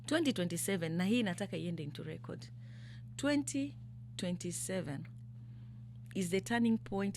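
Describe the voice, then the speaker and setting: In an impassioned political interview, a coastal Kenyan woman from Mombasa running as a candidate speaks in an expressive mid-range voice at normal speed, with long pauses and slight background noise. She is emphatic, throws out rhetorical questions, and moves between English and Swahili. Her voice gets louder and more heated.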